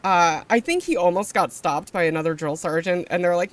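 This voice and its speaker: A woman's voice: on the low side, lively intonation, normal speed. A woman streamer tells a story to her live chat in a loose, rambling way. She swears freely and trips through fillers and restarts as she goes.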